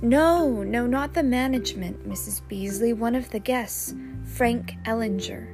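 A woman's voice: a little high, a little slow, creaky, music in the background. A woman doing an earnest young man soothing. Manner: soothing, urging calm.

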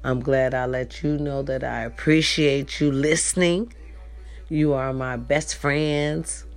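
A woman's voice: deep voice, gravelly. A woman hosting a podcast, chatting casually and playfully to her listeners in a rambling, teasing way. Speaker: podcast host.

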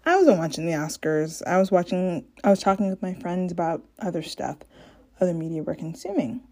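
Chatty woman podcaster, animated asides. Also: a little fast. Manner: chatty, animated, acts out her own reactions with big pitch jumps; frequent fillers and self-corrections. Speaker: podcast host. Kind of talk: casual solo commentary. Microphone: home podcast mic.

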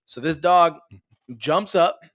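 A podcast co-host with a fairly high voice takes his time telling a rowdy story in casual chat. He's an animated storyteller who swears a lot and acts out the voices of the people involved.

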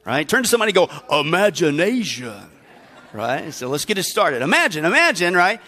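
A male pastor delivers a sermon in a strikingly high, bright voice. He tells an imagined story and presses the listeners with repeated rhetorical questions. His delivery is animated throughout. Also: quick pace.

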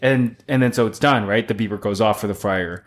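A man's voice: lowish voice, fairly quick. A young man, chatting casually on a podcast and telling a work story with frequent laughs and swearing. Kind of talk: casual chat.

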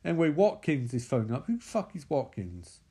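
A man's voice: fairly high pitch, brisk, husky. Sweary man riffing on a movie. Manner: sweary, excitable, sarcastic. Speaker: movie commentator. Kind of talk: casual running movie commentary.

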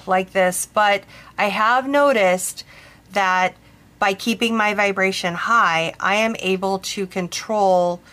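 Woman podcast host, slow-paced, bright and forceful tone, rambling casual storyteller. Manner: chatty, rambling, with frequent fillers and restarts; lively, jumps high in pitch when quoting people. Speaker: podcast host, bridal tailor.

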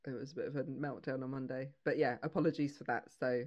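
A woman's voice: very deep voice, fairly even intonation, fast talker, dull audio. A woman comedian and mother chatting as a podcast guest, rambling and laughing through her stories. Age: adult with children. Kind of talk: casual chat over a remote call.

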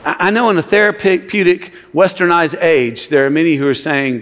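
In a church sanctuary with a long, echoing reverb, a pastor speaks at normal speed in an expressive, fairly bright voice on the high side. His passionate sermon leans on repeated words to hammer home each point.

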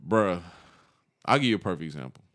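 Young guy on a chill podcast, lowish voice, slangy, acts out little bits of dialogue. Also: brisk. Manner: animated, slangy storytelling with acted-out quotes. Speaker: podcast co-host. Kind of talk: casual podcast chat.

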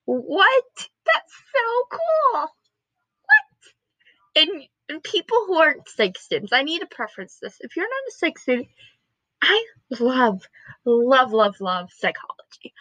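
A woman's voice: high-pitched, very animated, normal speed, a bit bright, dry recording, highs cut off. A young woman in her twenties rambling and gushing to the camera in a casual chat, drifting off topic and dropping into whispers. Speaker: vlogger.

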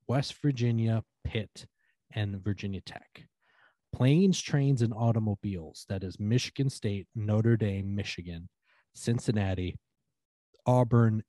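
A man with a fairly low voice co-hosts a casual sports podcast. He sounds laid-back and reads out long lists of teams, his voice trailing off at the end of each one. The recording is dry and close. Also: dark tone, dry recording. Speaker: podcast co-host.

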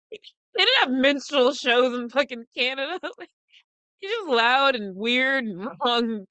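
A woman's voice: sits high, expressive, slow pace, bright, forceful tone, dry recording. A woman co-hosting a casual gossip podcast, mocking and profane, laughing often. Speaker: podcast co-host.

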